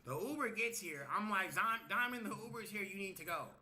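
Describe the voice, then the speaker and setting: This man's high-pitched voice is expressive, brisk, and sharp-toned. Telling a livestream story casually, he swears, performs other people's quotes, and tags his lines with "okay?"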